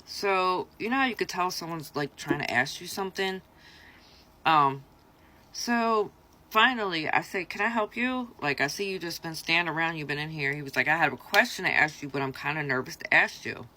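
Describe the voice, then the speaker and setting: A woman's voice: low voice, lively intonation, normal speed, sharp tone. A woman vlogger telling a casual storytime monologue, chatty and blunt, swearing freely.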